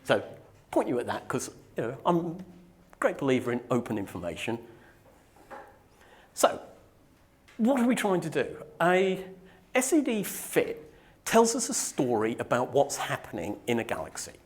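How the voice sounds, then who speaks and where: A man's voice: medium pitch, huge pitch swings, measured pace, long pauses. A man from Norfolk, giving a technical conference talk to a live audience in a joking, self-deprecating way. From Norfolk, England. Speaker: conference speaker.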